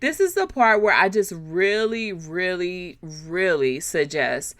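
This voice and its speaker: A woman hosting a leadership coaching podcast, talking to her listeners directly in an animated, conversational way. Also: fairly low pitch, takes it slowly, no room sound.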